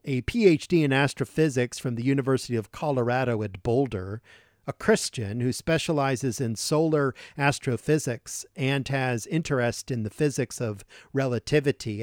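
A man hosting a Christian radio broadcast, delivering a scripted Bible teaching in a deliberate way and slowing down to stress key words. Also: mid-range voice, darkish tone, no room sound, clean studio sound.

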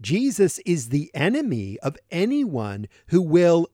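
Slow, emphatic male preacher, dry sound. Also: on the high side, huge pitch swings, warm tone, no room sound. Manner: slow, deliberate and emphatic, stressing key words. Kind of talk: sermon teaching from scripture.

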